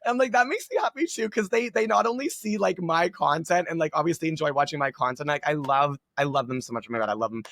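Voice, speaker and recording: Guy guest on a chat show, kinda high voice, super gushy and upbeat, says like a lot, dry close sound. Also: fast, hardly any pauses, a bit bright, no room sound. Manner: gushing, upbeat, heavy use of filler words. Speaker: guest content creator. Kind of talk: casual chat.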